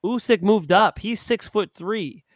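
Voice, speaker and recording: High-voiced animated sports podcast man. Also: a little slow, no echo. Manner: animated, swearing, rising emotion. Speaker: co-host of a betting picks show. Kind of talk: casual podcast chat.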